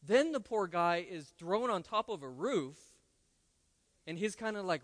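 A male pastor with a notably high voice delivers a conversational sermon full of playful asides. The sound carries a long reverb from the church sanctuary. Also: lively intonation, a little slow, fairly bright tone.

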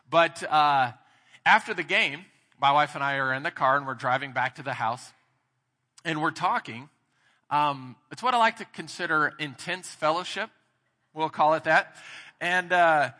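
A man with a Texan accent preaching a sermon as pastor, candid and storytelling, growing animated in his anecdotes. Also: mid-range voice, long reverb tail.

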